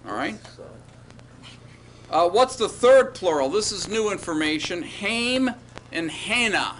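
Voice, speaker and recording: A man's voice: high voice, expressive, slow, fairly bright tone, slight background noise. A man teaching a Hebrew grammar class, checking in with his students and leading them in repeating words after him. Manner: drilling students with call-and-response repetition; checks in often with okay and all right. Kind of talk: classroom lecture.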